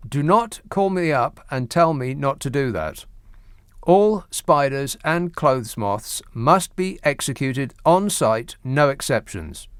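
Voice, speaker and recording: A middle-aged man hosts a late-night radio phone-in from a radio studio, reading listener emails into a studio microphone with clean sound and no echo. His medium-pitched, clean voice is slow and expressive as he launches into wry, mock-indignant rants full of hesitant restarts.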